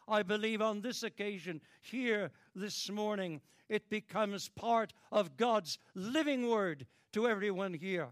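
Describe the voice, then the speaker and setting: In a dry, clean studio recording, an elderly man from Britain preaches with fervor. He keeps repeating phrases, and his pitch and volume climb dramatically as the emotion builds.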